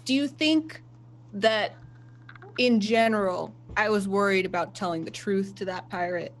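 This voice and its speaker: A woman's voice: mid-range voice, measured pace, slight background noise. A woman player talking in character, playful and coaxing. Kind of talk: in-character game talk.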